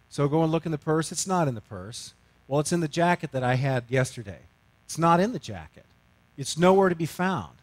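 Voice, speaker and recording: A middle-aged male pastor telling a story in a sermon, self-mocking and animated, swinging from loud to hushed. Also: on the high side, no room sound.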